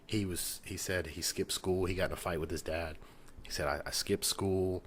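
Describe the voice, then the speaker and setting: A man's voice: low-pitched, steady tone, moderate pace, a little hiss or hum. A man co-hosting a faith podcast, earnestly retelling someone else's story at length in casual chat. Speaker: podcast co-host.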